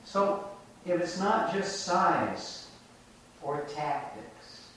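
A man's voice: on the high side, lively intonation, a bit bright, slight background noise. A man preaching a reflective sermon, telling a folk tale and drawing lessons from it, recorded from a distance. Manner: reflective, measured storytelling. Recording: echoey room from a distant mic.

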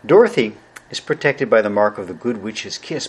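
A man's voice: on the low side, lively intonation, normal speed, slightly rough. A man, a pastor, recording his sermon in a studio and reading a children's story aloud to his congregation.

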